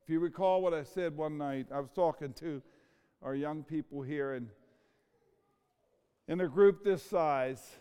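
A middle-aged male pastor delivers a slow, deliberate sermon, full of rhetorical questions and heartfelt pauses. His voice sits high for a man and comes through smooth and resonant. The sound rings with the long reverb of a large sanctuary. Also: warm tone. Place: church sanctuary.

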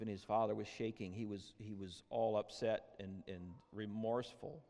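A man preaching a sermon with emotion, often repeating and restarting words, shifting between loud cries and hushed tones. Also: on the low side, normal speed, gravelly, hardly any pauses. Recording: long hall reverb.

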